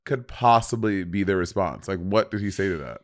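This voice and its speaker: Teasing man with a lively voice. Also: deep voice. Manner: quick reactive interjections, teasing. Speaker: podcast co-host. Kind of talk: casual chat.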